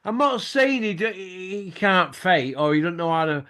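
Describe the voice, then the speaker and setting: A man's voice: high voice, animated, normal speed, fairly bright tone, clean tone. A middle-aged man, hosting a boxing show and telling stories in casual chat, swearing freely and laughing as he goes.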